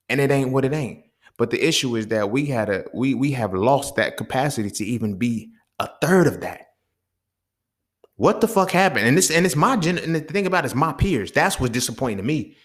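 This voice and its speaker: Fired-up, profane young man ranting. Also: medium pitch. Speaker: podcast host. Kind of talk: casual monologue.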